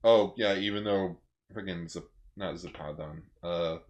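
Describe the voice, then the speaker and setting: A man co-hosting a podcast in casual chat, talking in a relaxed, matter-of-fact way. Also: deep voice, unhurried. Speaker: podcast co-host.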